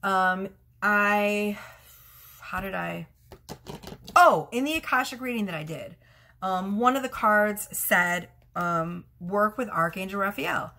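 A woman tarot reader rambling excitedly to her followers in a casual vlog, swearing freely and restarting her sentences. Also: mid-range voice, slow pace.

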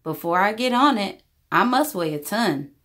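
A woman reading as a gentle faithful elephant, earnest, patient, lively pitch, storybook. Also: normal speed, natural voice. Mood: musing. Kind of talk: storybook read-aloud.

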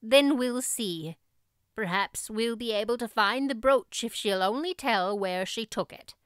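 Woman reading as a severe older spinster, firm and clipped, smooth dry voice. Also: a little high, unhurried, a bit bright, no echo. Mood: stern.

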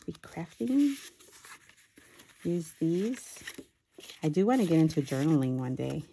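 A woman chatting excitedly while unboxing a craft swap package, with self-deprecating asides. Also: low-pitched, unhurried, creaky, slight background noise. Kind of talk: casual unboxing commentary. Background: paper crinkling and clicks.

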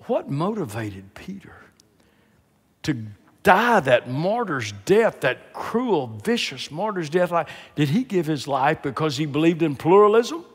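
Older male preacher, fairly high voice, swings from hushed asides to fervent full-volume preaching; big reverberant sanctuary. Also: breathy edge. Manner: rises from quiet emphasis to loud, impassioned preaching. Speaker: guest preacher. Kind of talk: sermon. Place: large church sanctuary. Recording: long reverb of a large hall.

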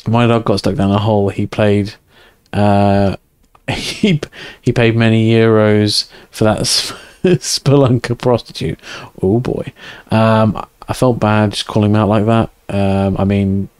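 Male streamer, slow-paced, rambling, sweary, giggly. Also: fairly low pitch, little pitch movement, a little mellow, clean tone, dry recording. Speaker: game streamer. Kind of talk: casual live-stream chat.

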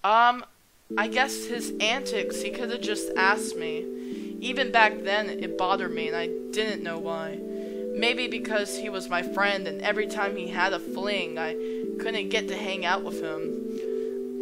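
A woman's voice: medium pitch, measured pace. A woman playing a visual novel, reading the story aloud and breaking off into puzzled, rambling asides. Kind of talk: let's play commentary mixed with story reading. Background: game music.

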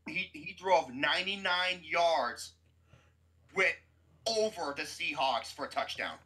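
A man hosting a podcast, ranting about football in a loud, cursing, mocking way. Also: a little high, slow. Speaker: podcast host. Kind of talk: profane sports rant.

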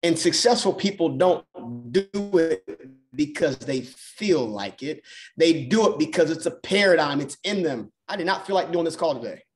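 A man's voice: on the high side, animated, moderate pace, soft background music. A man coaching on a mindset call, talking emphatically and repeating key phrases for effect. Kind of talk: motivational call talk.

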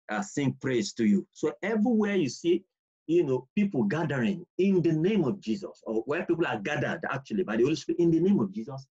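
A man teaching a bible study, emphatic and repetitive, reading scripture slowly and deliberately. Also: medium pitch, a little mellow, husky. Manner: emphatic, repeats key points, reads scripture slowly. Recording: dull lo-fi recording.

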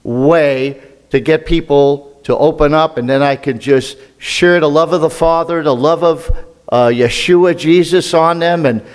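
Man, older, New York accent, guest minister, slightly high voice, lots of fillers. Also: a little slow, smooth. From Brooklyn, New York. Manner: casual, many fillers. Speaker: guest speaker, Messianic minister. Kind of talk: church talk.

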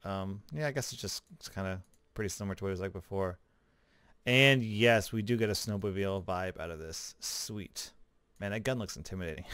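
A man's voice: sits low, brisk, clear, resonant tone, no room sound. Laid-back man, dry close mic. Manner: relaxed, chatty, with fillers and small laughs. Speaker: gaming YouTuber. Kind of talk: casual commentary over gameplay.

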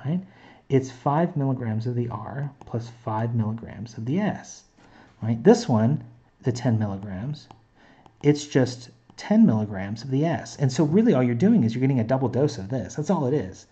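A man talks through a chemistry lecture in a relaxed, mellow voice, often restarting his sentences and checking in with "right?" and "okay?". The recording sounds a little muffled. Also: medium pitch, normal speed. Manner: conversational, many fillers and restarts. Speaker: chemistry instructor.

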